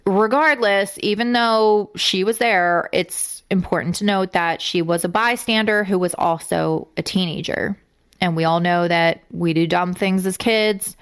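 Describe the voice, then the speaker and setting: A woman's voice: lowish voice, measured pace, a bit bright, clean tone. Blunt, profane woman co-hosting a podcast. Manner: blunt and profane, getting emotional. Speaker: podcast co-host. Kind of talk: casual true-crime podcast chat.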